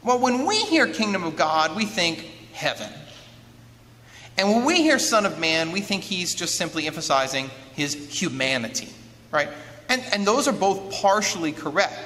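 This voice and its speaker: A man lecturing an audience as an author, lively, asking rhetorical questions and acting out quotes. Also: high-pitched, moderate pace. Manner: acts out quoted speech. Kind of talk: lively teaching talk with a handout. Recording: long hall reverb, faint noise.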